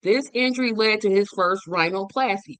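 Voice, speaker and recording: A woman hosting her own show, talking through a movie in an animated, emphatic way and repeating words for effect. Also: mid-range voice, normal speed, dry recording. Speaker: show host. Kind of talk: casual movie review chat.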